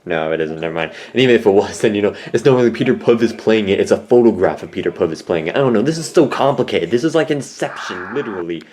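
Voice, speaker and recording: A man's voice: lowish voice, lively intonation, fast, hardly any pauses, a little mellow. A man giving a casual, rambling and jokey review of a show at home, often correcting himself. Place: at home with a cat on his lap.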